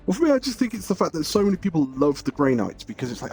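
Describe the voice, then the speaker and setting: Male streamer, chatty and rambling, slightly high voice, faint music under. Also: sing-song, rapid-fire, hardly any pauses, darkish tone. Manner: rambling, lots of fillers and restarts, swears casually. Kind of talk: livestream storytelling and gaming chat.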